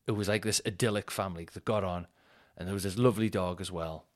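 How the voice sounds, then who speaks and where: A man's voice: fairly low pitch, fast. A man, a stand-up comedian and podcast host, telling rambling, sweary stories and laughing at himself. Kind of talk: casual comic storytelling.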